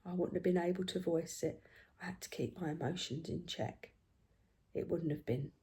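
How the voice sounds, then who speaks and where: A woman's voice: lowish voice, normal speed. Chatty older woman storyteller. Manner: chatty, animated storytelling, dropping to hushed asides. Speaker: craft vlogger. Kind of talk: casual storytelling while stitching.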